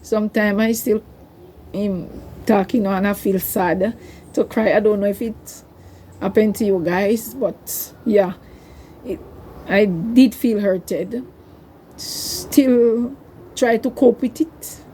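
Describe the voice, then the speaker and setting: A woman's voice: mid-range voice, fairly even intonation, takes it slowly, long pauses, dark tone, slight background noise. An older woman, telling a personal story to her vlog viewers in a rambling, emotional way. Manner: emotional, rambling, tearful at times. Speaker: vlogger.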